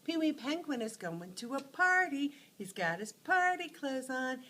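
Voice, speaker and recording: A woman teacher telling short animal stories to teach letter sounds, acting out each sound with lively expression. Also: high-pitched, unhurried, few pauses, rough recording. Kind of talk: phonics lesson storytelling.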